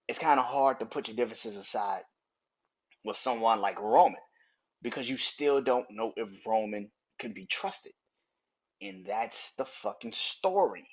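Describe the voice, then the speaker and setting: Animated podcast host, husky man. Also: mid-range voice, lo-fi sound. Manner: animated, profane, talks in quick rambling restarts. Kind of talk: casual wrestling review podcast.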